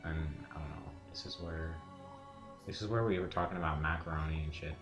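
A man's voice: rumbling low, fairly quick. A young man casually commenting on a video game with a friend, joking and laughing often. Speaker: let's play commentator. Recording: roomy echo with game music.

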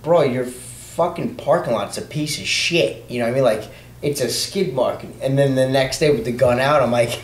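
A man telling stories on a podcast in a lively, profane way, acting out other people's voices. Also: mid-range voice, moderate pace, slight background noise. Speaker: podcast guest. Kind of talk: casual podcast storytelling. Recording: echoey room with crowd chatter.

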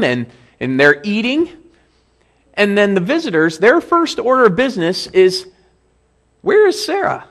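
A man's voice: a little high, a bit bright. A male pastor giving a sermon in a church, explaining scripture in a conversational way and reading verses aloud with emphasis.

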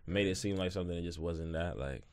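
A young man, talking in a loose, slangy way and dropping into bits of song. His voice sits on the low side. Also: fast, clear, resonant tone. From New York. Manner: laid-back slangy talk, breaks into snatches of song. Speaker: musician guest. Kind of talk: casual interview banter.

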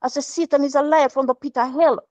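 A woman's voice: sits high, fairly even intonation, fast, a little mellow, no room sound. A woman giving an emotional devotional testimony as a mother, earnest and repetitive, often restarting her sentences. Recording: dull, dry lo-fi sound.

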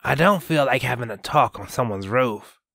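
A man's voice: mid-range voice, lively intonation, moderate pace, vocal fry, fairly bright tone, no echo, studio quality. A man voicing a grumpy, sleepy teenage boy in a storybook reading, grumbling.

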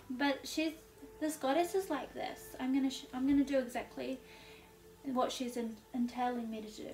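A woman's voice: high-pitched, steady tone, normal speed, a little mellow, faint music behind. A woman giving a casual intuitive tarot reading, chatty, laughing often and leaning on "like" as she talks. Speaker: tarot reader. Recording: echoey room, mic at a distance.

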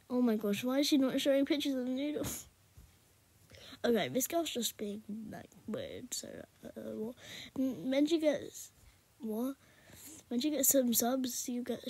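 A British woman chatting to viewers over her gameplay, often in a hushed half-whisper. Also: a little high, animated, a little slow, long pauses, breathy edge. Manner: rambling and chatty, talking to viewers. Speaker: gaming YouTuber. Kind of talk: casual gameplay commentary.

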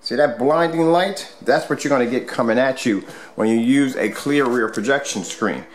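In a casual home vlog, a man demonstrates a product while rambling with lots of fillers and restarts. His voice is medium-pitched and moves at a moderate pace, and the room he's in has squeaky floors.

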